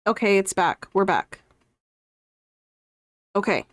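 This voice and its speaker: A woman streamer chatting casually on a live charity stream, excitable, laughing often and breaking into loud outbursts. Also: mid-range voice, slow pace, dry recording, studio quality.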